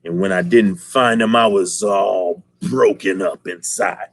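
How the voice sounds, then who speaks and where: A man voicing a menacing male martial arts villain who speaks in a slow, low, threatening drawl. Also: creaky, very noisy.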